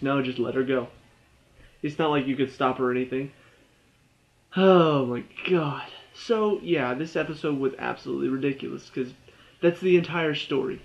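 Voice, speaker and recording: A man's voice: mid-range voice, moderate pace, creaky, dull audio. A young man reviewing a TV episode in an exasperated, sarcastic rant, mocking the characters in quoted voices. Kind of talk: ranting video review.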